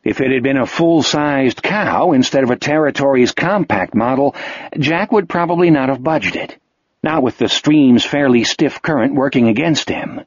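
Man, audiobook narrator, steady scripted reading, dry lo-fi recording. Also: medium pitch, normal speed, no echo.

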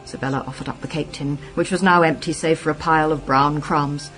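A woman narrating a story in the first person, crisp and wry. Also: sits low, fairly even intonation, fairly quick, few pauses, a bit bright, soft background music, poor audio. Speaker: audiobook narrator.

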